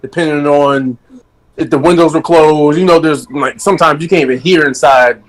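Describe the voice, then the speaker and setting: A man with a somewhat high-pitched voice thinks out loud in a casual podcast chat. He rambles, restarts his sentences and leans on "like" as he works through a point. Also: moderate pace, poor audio. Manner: rambling, with many restarts and fillers.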